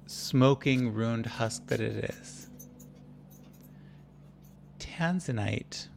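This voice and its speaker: A man narrating as game master of a tabletop game, describing the scene in a halting, drawn-out way. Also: medium pitch, vocal fry, darkish tone, slight background noise.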